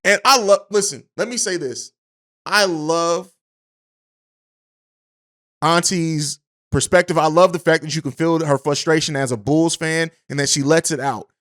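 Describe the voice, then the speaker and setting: Podcast host guy, fairly high voice, talks emphatic with lots of restarts. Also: measured pace, pauses often, fairly bright tone. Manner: emphatic, repeats words when restarting. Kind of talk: casual podcast commentary.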